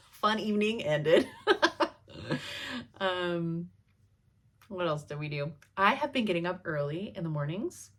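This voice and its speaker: A woman's voice: fairly low pitch, breathy edge. A woman in her thirties chatting casually to her viewers as a cross-stitch vlogger, laughing often as she tells stories. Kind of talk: casual chat.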